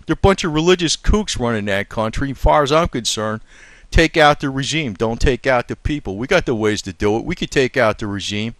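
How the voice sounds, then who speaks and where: A man's voice: medium pitch, lively intonation, brisk, a bit bright, no echo. Blunt, heated man ranting into a dry mic. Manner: blunt, crude and heated, with frequent fillers. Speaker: political commentator. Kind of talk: casual off-the-cuff video rant.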